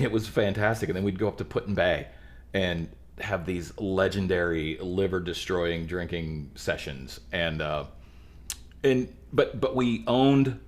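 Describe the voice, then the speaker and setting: Deep, low male voice, podcast guest musician from the Pittsburgh area, rambling, animated stories. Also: unhurried. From Pittsburgh area, USA. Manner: animated storytelling, rambling restarts. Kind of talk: casual chat.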